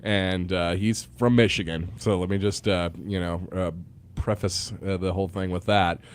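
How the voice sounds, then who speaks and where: Guy on morning radio, kinda low voice, rambles through stories with lots of uhs. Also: fairly even intonation, moderate pace, a little hiss or hum. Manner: rambling storyteller with many fillers. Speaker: radio show co-host. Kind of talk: casual morning radio banter. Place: radio studio.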